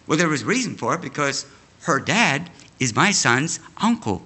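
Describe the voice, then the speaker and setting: An older man from an Amish community preaches as a guest in a church, sharing his testimony as folksy stories aimed at the congregation. His voice is on the high side, husky and sharp, very animated at a moderate pace.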